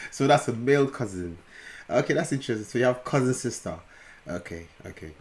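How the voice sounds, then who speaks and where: A man's voice: mid-range voice, expressive, a little fast. Nigerian guy hosting a reaction vid, bouncy up-and-down voice, jokey and chatty. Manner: playful, chatty, laughs often. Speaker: reaction video host. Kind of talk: casual reaction commentary.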